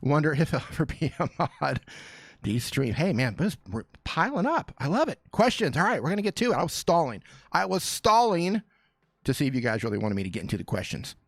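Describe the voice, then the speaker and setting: A man hosting a casual live question-and-answer stream from a small studio, joking and greeting viewers by name in an excited, fired-up way. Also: a little high, a little fast, gravelly, dry recording.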